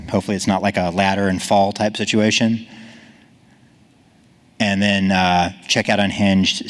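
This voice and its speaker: A man giving a conference talk in an earnest, casual, encouraging way. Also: lowish voice. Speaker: conference speaker.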